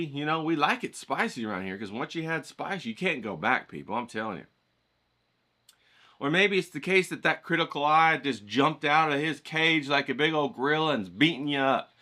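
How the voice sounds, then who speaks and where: A man's voice: medium pitch, pushed and bright. A man giving a folksy, profane motivational rant to his stream audience. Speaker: art streamer.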